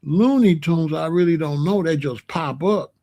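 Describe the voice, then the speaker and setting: A man in his sixties hosting a livestream, chatting casually to his live chat in a slow, repetitive, drawling way. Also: a little high, warm tone. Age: 60s. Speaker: livestream host.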